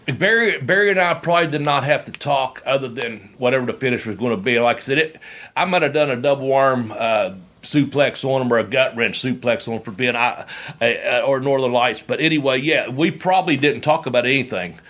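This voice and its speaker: A man's voice: mid-range voice, normal speed, fairly bright tone. Rambling middle-aged man telling wrestling stories. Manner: rambling, laughs often, swears while telling stories. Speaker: podcast host, former wrestler. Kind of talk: casual storytelling chat.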